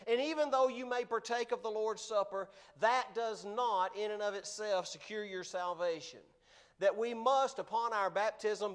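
Male preacher, high voice, earnest and emphatic sermon delivery. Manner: earnest, emphatic, slows for stress.

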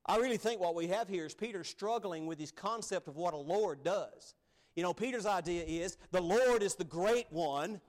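A male pastor preaching a sermon in an animated, emphatic way, acting out the scripture he reads. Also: high voice, normal speed.

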